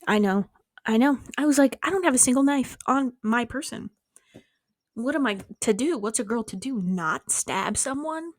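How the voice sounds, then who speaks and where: Young woman vlogger, casual storytime, lively with voiced-out quotes, dry close bedroom sound. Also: moderate pace, no echo. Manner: animated, swearing, acting out quotes with big pitch jumps.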